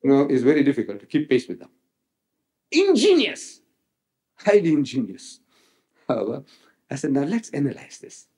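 Animated man lecturing emphatically. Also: medium pitch, normal speed, long pauses. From South Africa. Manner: emphatic, repeats phrases for effect, dramatic scripture quoting. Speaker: religious lecturer. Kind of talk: public religious lecture.

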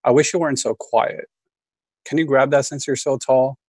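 A man's voice: medium pitch, fairly even intonation, normal speed, darkish tone, husky, dry recording, poor audio. A man reading his own list poem aloud at a student reading, understated and dry. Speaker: MFA student reader.

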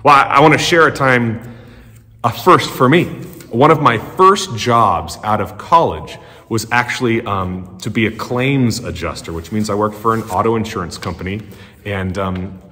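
A male pastor preaching a sermon in a conversational storytelling way, animated and acting out quotes. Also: lowish voice, moderate pace. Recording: long church-hall reverb.

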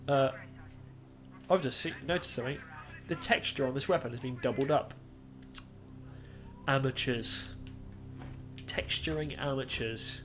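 A man's voice: mid-range voice, fairly quick, pauses often, faint music behind. A young man giving crude, sarcastic gameplay commentary as a channel host.

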